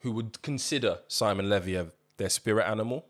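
A man's voice: fairly low pitch, fairly quick. A man, co-hosting a podcast in laid-back, teasing, slangy banter. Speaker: podcast co-host. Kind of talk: casual banter.

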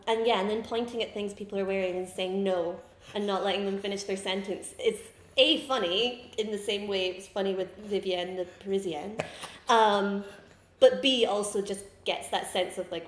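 A young woman in her twenties tells rambling, animated stories in casual chat, often breaking into giggles. Her voice sits at a middling pitch, and it carries a noticeable echo from the room. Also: a little hiss or hum. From Scotland. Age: 20s. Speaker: comedian guest.

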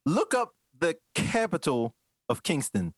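A man's voice: fairly high pitch, wildly swooping pitch, unhurried, dry recording. Male co-host, easygoing and amused, dry close sound. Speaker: podcast co-host. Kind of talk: casual chat.

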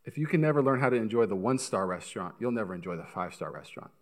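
A pastor preaching a sermon, telling stories with energy and speaking straight to the congregation. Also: male voice, lowish voice, very fast. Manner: animated storytelling, acts out voices, addresses congregation directly.

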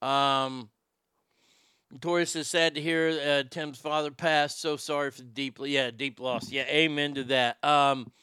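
High bright-voiced guy ranting and swearing, crisp dry sound. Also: steady tone, a little slow, dry recording. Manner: profane, sarcastic, ranting. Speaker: podcast host. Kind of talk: casual ranting commentary.

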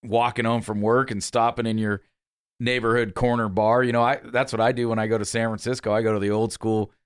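A man's voice: medium pitch, little pitch movement, a little fast, smooth, no room sound, studio quality. A man in casual podcast chat, asking questions and musing thoughtfully, with frequent "you know". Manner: reflective, asks questions, fills with "you know".

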